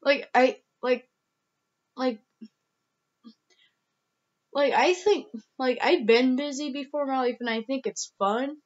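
A young woman talks straight to her camera in a rambling, halting way, looping back on herself with endless "like" and false starts. Her voice sits a touch high and the recording sounds dull and lo-fi. She is emotional and near tears. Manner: rambling, heavy use of "like", many restarts. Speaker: vlogger. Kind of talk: casual vlog talk.

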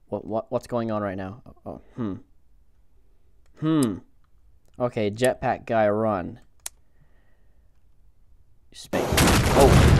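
A young man hosting a gaming channel, reacting excitably to the game with yelps and groans. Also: mid-range voice, a little hiss or hum. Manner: excitable, frequent outbursts and groans. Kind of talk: game commentary.

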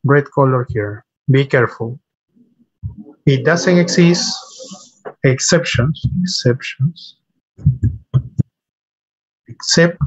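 A man's voice: medium pitch, dull audio. A man teaching an online English class, patiently repeating and spelling words out for his students over a computer mic. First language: Spanish. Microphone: computer mic on a video call.

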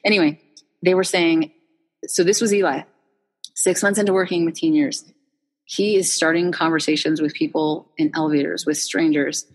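Husky-voiced woman telling animated stories. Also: low voice, moderate pace, long reverb tail. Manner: animated storyteller, many restarts and fillers. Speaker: founder and interview guest. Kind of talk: casual conversational interview.

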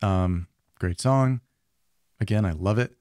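Rambling through a casual podcast conversation as co-host, this man fills his speech with fillers and restarts. He takes it slowly, his lowish voice smooth and a little mellow. The clean studio recording has no room sound.

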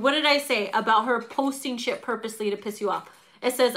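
Bright, lively woman reading tarot. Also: on the high side, normal speed. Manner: animated and profane, laughing often, acting out quotes. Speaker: tarot reader. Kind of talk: casual tarot reading to viewers.

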